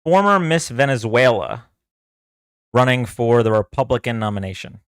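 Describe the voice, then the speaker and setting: A man's voice: medium pitch, normal speed, smooth, dry recording, clean studio sound. A man giving casual, rambling reaction commentary on a live stream and talking to his chat. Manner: animated, rambling, talks to chat.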